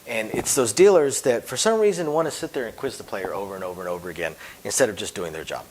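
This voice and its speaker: A man who deals craps, giving an emphatic instructional talk whose phrases often fade to a quiet drop at the end. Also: fairly low pitch, quick pace, slight background noise, poor audio. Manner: emphatic, voice drops off at phrase ends.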